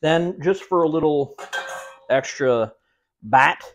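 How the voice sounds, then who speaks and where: A man's voice: fairly high pitch, takes it slowly, slight background noise. Joking man hosting a cooking vlog. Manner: joking, self-mocking asides while cooking. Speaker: cooking show host. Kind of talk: casual cooking vlog chat. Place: home kitchen.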